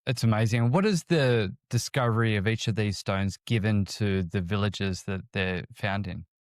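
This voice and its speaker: Man, interviewer, resonant voice, dry sound, brief measured questions. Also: on the low side, clear, resonant tone, dry recording. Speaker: podcast host.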